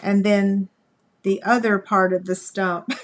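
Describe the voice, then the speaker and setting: A woman's voice: medium pitch, fairly even intonation, slow pace. A woman, hosting a live craft demonstration, chatting folksily with viewers as she works. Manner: chatty, folksy, talks to viewers while working. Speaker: crafting livestream host.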